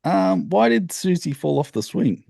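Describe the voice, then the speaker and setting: A man's voice: on the high side, sing-song, unhurried, vocal fry, darkish tone, breathy edge, no room sound, clean studio sound. A man hosting a casual sports podcast, laid-back and laughing often. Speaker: podcast host.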